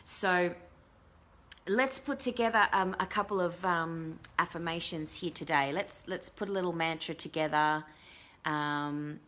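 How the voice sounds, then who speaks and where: Low-voiced chatty woman coach. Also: a little slow, pushed and bright. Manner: chatty, rambling, many fillers and restarts. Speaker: host and life coach. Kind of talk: casual live-stream talk.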